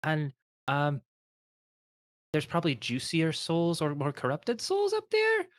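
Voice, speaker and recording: A woman's voice: low voice, huge pitch swings, measured pace, no room sound, studio quality. A woman playing a tabletop game, talking hesitantly with lots of ums and uhs. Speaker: player.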